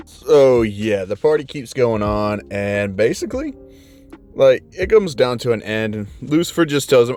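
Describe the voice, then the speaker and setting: A man's voice: medium pitch, lively intonation, a little mellow, soft background music. Slangy young man telling a fan story. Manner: loose, slangy storytelling with swearing and quick voiced asides. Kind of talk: casual spoken fan story.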